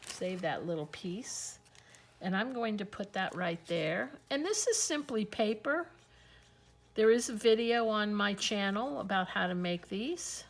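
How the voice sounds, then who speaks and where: A woman's voice: mid-range voice, lively intonation, measured pace, vocal fry. A woman hosting a casual crafting tutorial, chatting and thinking aloud as she talks through each step.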